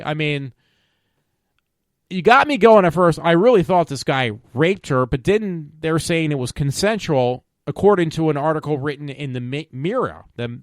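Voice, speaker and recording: A man's voice: fairly high pitch, no echo, studio quality. A man hosting his own show, reading news stories aloud and commenting on them, stumbling over words and swearing along the way. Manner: profane and opinionated. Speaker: podcast host.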